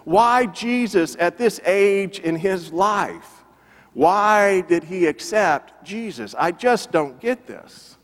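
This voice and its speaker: A man's voice: high voice, expressive, takes it slowly, voice pushed up. A man playing a bewildered man who frets aloud and keeps repeating himself, in a big reverberant room. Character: bewildered middle-aged man fretting aloud.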